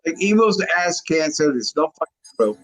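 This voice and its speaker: A man in his sixties with a gravelly voice, rambling and swearing constantly in casual chat. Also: on the high side, lively intonation, moderate pace, faint music behind, low-quality recording. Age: 60s. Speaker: video creator on a live call.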